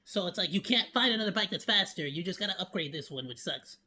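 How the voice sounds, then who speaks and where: An excitable streamer reacting live to a video, rambling along with sarcastic asides. The voice is bright and forceful and swings widely in pitch. The talk stays loose and unscripted. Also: quick pace, slight background noise. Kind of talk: casual live reaction commentary.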